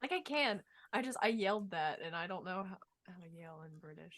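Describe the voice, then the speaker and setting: A woman's voice: on the low side, lively intonation, a little fast, a bit bright. A woman in casual tabletop game chat, talking in hesitant, trailing phrases.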